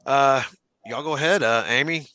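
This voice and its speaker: A man hosting a livestream in casual talk, halting and filler-heavy, as he introduces his guests. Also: mid-range voice, pushed and bright. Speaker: show host.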